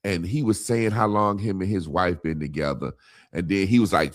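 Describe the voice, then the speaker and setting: A man on a casual talk show telling a funny story about an old friend, animated and laughing, swearing freely. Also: low voice, moderate pace, dry recording, studio quality. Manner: animated, laughing, profane, quotes friends in lively voices. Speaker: podcast co-host.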